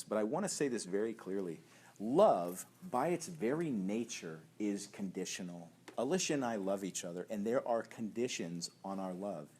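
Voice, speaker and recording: A man preaching as a young adults pastor, telling stories in a chatty, animated way with laughter. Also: fairly low pitch, a little hiss or hum. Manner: conversational, animated storytelling with laughs and acted voices. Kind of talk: sermon teaching.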